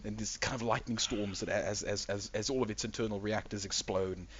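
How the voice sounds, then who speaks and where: A man narrating a tabletop game as game master, enthusiastic and halting, often repeating words. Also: fairly low pitch, fairly even intonation, a little hiss or hum. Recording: dull lo-fi mic.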